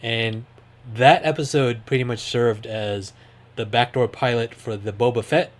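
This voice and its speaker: A man with a medium-pitched voice talks through his thoughts in a loose, rambling way, full of fillers. He sounds upbeat as he chats casually on a podcast. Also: fairly even intonation, a little slow. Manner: rambling, lots of fillers, enthusiastic. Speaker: podcast host. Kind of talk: casual chat.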